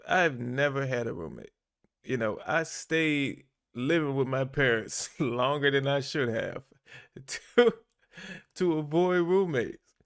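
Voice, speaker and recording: Animated man reacting with laughs. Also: mid-range voice. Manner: animated, laughing, repeats himself for emphasis. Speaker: reaction channel host. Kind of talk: casual commentary on clips.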